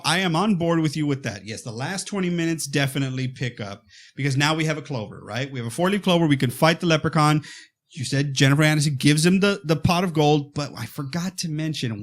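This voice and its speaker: A man co-hosting a horror podcast, casually and excitedly retelling a movie and acting out its lines. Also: on the high side. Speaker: podcast co-host.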